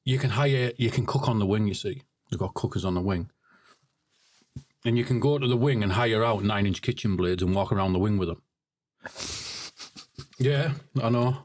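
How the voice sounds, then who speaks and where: Plain-spoken man, low voice. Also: normal speed, long pauses, darkish tone, no echo. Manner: blunt, plain-spoken, repeats words when starting sentences. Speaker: podcast guest. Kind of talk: casual storytelling.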